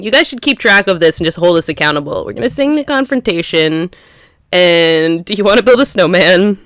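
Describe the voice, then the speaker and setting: A woman co-hosting a podcast in casual chat, talking fast and loose with many fillers and frequent laughs. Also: medium pitch, no room sound, clean studio sound. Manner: chatty, lots of "like" fillers, laughs often. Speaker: podcast co-host.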